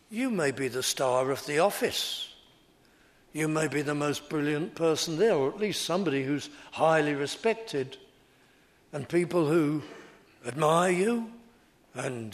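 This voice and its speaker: A man preaching a sermon in slow, deliberate, repetitive phrases. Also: a little high.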